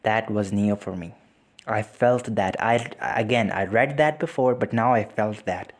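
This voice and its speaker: A young man hosting a podcast, recounting a painful loss in a halting way, with repeated words and sighs, close to tears. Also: on the low side. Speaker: podcast host. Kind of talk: personal reflective storytelling.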